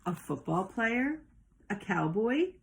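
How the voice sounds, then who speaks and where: A woman voicing a silly little boy frog in a children's story, exclaiming his ideas with excitement. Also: medium pitch, slow pace, gravelly, a little hiss or hum, exaggerated voice, rough recording. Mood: excited.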